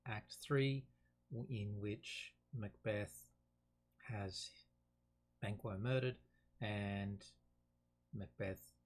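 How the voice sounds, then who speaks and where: A man, explaining a play to students in a casual way and reading quotes aloud between his explanations. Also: on the low side. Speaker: teacher.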